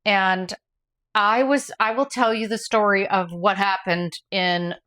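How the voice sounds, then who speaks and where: A woman's voice: medium pitch, fairly even intonation, unhurried, fairly bright tone. A woman telling her own race story in a casual, rambling way, often restarting her sentences and correcting herself. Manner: rambling, self-correcting, candid. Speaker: vlogger recounting her race.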